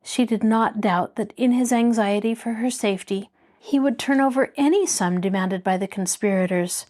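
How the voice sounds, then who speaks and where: A woman host reading a mystery novel aloud as a measured, expressive storybook narration. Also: fairly high pitch. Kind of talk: scripted narration.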